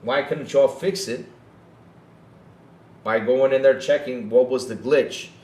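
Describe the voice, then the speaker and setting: A man's voice: medium pitch, slow pace, a little mellow, reverberant. A man hosting a gaming podcast in a casual, mocking rant, often tacking "though" onto his sentences.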